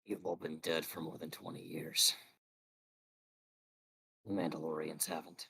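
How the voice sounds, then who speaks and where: A man playing in a tabletop role-playing game, speaking slowly in character and out of it. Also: extremely low pitch, no room sound. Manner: slow, gravelly, flat. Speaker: player.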